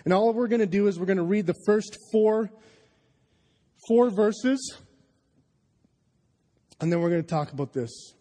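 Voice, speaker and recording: A man preaches with rising fervor, his voice sitting notably high as he pushes his points home. He trips over restarts and repeats himself in his eagerness. The sound carries the long reverb of a large church hall. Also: unhurried, pauses often, dark tone. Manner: impassioned, emphatic, with stammering restarts. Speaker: pastor. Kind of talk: sermon. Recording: live sermon in a reverberant hall.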